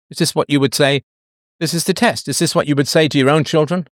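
Here the host's voice runs a little high and fast as he scolds a caller, mimicking their excuses in raised quoted voices. No echo, studio-quality audio.

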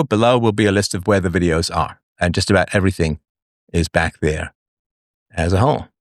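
Male host, live call-in show; blunt, crude, lowish voice, dry. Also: a little fast, dry recording. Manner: blunt, crude asides, talks with big swings up and down.

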